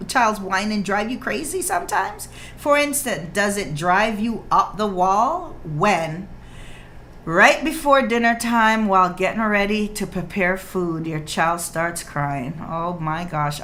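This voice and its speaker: A woman in her fifties hosts a casual radio chat about raising children. She sounds playful and animated and acts out little scenes from home. Her voice sits at an ordinary middle pitch. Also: slight background noise. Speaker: radio show host.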